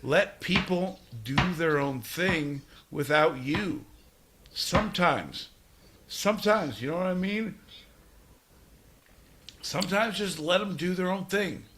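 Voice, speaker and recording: A drunk man co-hosting a podcast, delivering a profane mock-angry rant with sudden shouted outbursts. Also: sits high, slow, long pauses, background noise. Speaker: podcast co-host. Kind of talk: casual chat.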